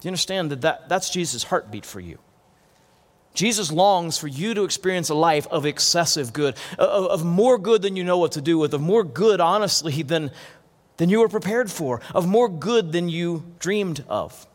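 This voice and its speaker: A man's voice: a little high, lively intonation, normal speed. Earnest male pastor in a reverberant hall. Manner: earnest, repeats words as he restarts. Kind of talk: sermon. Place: church hall.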